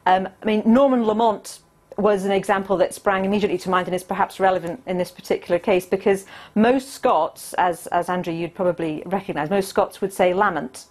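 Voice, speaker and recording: A woman explaining word pronunciation as an expert guest, speaking from a remote studio in a measured, explanatory way. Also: mid-range voice, steady tone, a little mellow.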